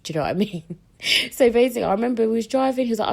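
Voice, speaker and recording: A young woman hosts her podcast and tells stories casually. She is animated and slips into the voices of the people she quotes. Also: fairly high pitch, quick pace, gravelly. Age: young adult. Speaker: podcast host. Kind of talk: casual storytelling.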